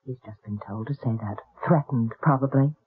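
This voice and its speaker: An actress playing a brisk, matter-of-fact woman in a 1970s radio drama, with a husky, low voice. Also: heavily acted. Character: brisk, practical woman of the household. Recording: lo-fi old radio broadcast.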